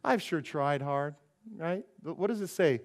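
A man's voice: fairly high pitch, expressive, unhurried. A man preaching a sermon as pastor, emphatic, asking the congregation questions and acting out the people in the Bible passage.

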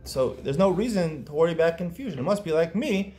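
A man teaching a Talmud lesson, explaining quickly and lifting into a chanting lilt on quoted Aramaic, with frequent restarts. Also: a little high, animated, a little mellow. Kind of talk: daf yomi study lesson.

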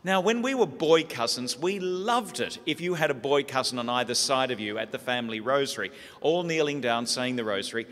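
Bright-voiced Australian priest telling stories. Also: male voice, medium pitch, fairly quick. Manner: lively comic storytelling. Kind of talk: humorous sermon storytelling. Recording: echoey hall.

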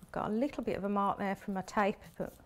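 A woman with a mid-range, steady voice talks quickly as she demonstrates card making on a live stream. She's a craft demonstrator, chatting away while her hands stay busy with the work.

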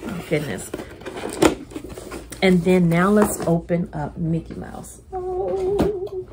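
A middle-aged woman chatting casually through an unboxing, gushing and repeating her delight in an excitable way. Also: lowish voice, takes it slowly, very noisy. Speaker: collector YouTuber.

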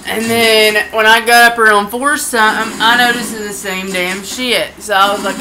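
A woman's voice: mid-range voice, fairly even intonation, unhurried, hardly any pauses, noisy background. A sleepy woman chatting casually during a game, telling a rambling story full of swearing. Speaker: co-commentator. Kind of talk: casual chat.

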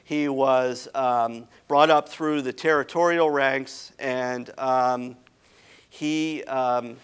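American man, history lecture, conversational, filler-heavy, smooth resonant voice, mid-pitched. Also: fairly even intonation, very slow. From United States. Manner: casual, conversational, many fillers and restarts. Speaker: historian giving a talk. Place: lecture hall.

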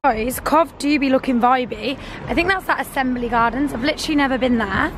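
Filmed on a car's dashboard camera with background noise, a vlogger in her twenties chats to viewers in a high voice at a fairly quick pace. The talk is rambling and casual, with the odd swear when something annoys her.

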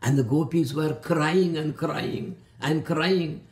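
A man with a high voice delivers a devotional talk in an echoey room. He often repeats words while searching for the next one. Now and then he slows down to chant verses. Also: darkish tone. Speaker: spiritual speaker. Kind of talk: devotional discourse.

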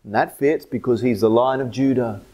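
A man with an Australian accent preaching a sermon as pastor, swinging between loud emphatic lines and low hushed ones. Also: normal speed.

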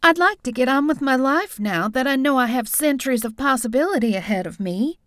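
A woman's voice: high-pitched, expressive, a little fast, a bit bright, dry recording, studio quality. A woman voicing a newly turned young vampire woman who speaks earnestly and pleadingly in an audiobook.

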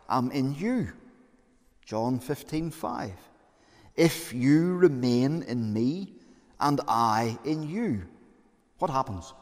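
A man's voice: mid-range voice, a little mellow. Earnest male preacher in reverberant church. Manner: earnest, conversational preaching with fillers. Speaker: pastor. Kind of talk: sermon.

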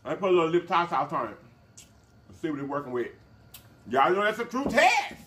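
A man hosting a mukbang vlog, talking casually and excitedly to his viewers. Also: on the high side, a little fast, slight background noise. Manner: animated, excitable, calls out to viewers. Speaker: mukbang channel host.

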